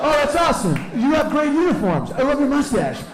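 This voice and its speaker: List: a man playing a fawning grown man, very high voice, over-eager, echoey room. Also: big pitch swings, brisk, a loud crowd. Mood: gushing. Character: fawning, gushing grown man welcoming anyone in.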